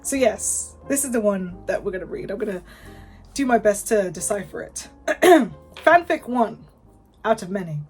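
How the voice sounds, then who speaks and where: A woman's voice: mid-range voice, animated, normal speed, faint music behind. A woman hosting her channel, reading fanfiction aloud casually and often breaking into laughter. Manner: giggly, keeps breaking into laughter.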